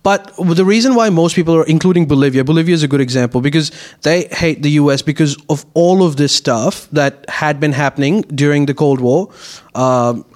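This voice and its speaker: A man's voice: a little high, a little fast, darkish tone. Talkative man explaining at length. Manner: explains at length with restarts and fillers. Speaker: podcast co-host. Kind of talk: casual podcast chat.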